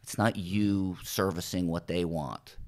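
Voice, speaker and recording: A man's voice: low-pitched, fairly even intonation, a little slow. A television showrunner from New Jersey, talking casually in an interview and acting out quoted dialogue as he tells his stories. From New Jersey, USA. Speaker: television writer and showrunner, podcast guest. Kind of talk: conversational interview storytelling.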